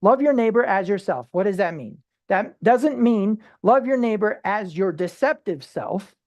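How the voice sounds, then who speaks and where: Bible study teacher, casual conversational teaching, rhetorical questions, quick restarts, acted-out asides. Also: medium pitch, animated, darkish tone. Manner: acts out everyday people in short quoted asides.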